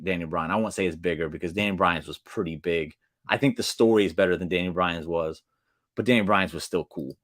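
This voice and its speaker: A man hosting a casual wrestling recap, talking excitedly in slang and acting out quotes with sudden jumps in pitch. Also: dry recording, clean studio sound.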